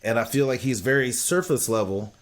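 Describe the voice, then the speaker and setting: A man's voice: medium pitch, animated, brisk. Blunt, opinionated American man. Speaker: podcast co-host. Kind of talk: casual recap chat.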